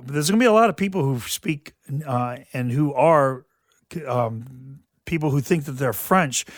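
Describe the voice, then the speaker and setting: A man's voice: medium pitch, fairly bright tone, no room sound, studio quality. A man from southeastern Louisiana, hosting a radio sports talk show in a rambling, folksy way full of fillers and restarts. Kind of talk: casual sports commentary.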